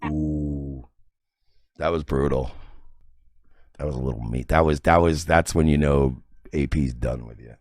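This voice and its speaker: A man's voice: very deep voice, a little slow, long pauses, darkish tone, no echo, clean studio sound. A man hosting a stream, rambling and profane in casual reaction commentary. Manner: rambling, profane, many restarts. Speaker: stream host.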